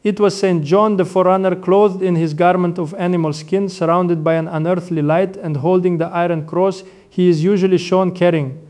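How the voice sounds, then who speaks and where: An older man, an Orthodox monk, giving a sermon with measured, reverent storytelling. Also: sits high, fairly even intonation, darkish tone.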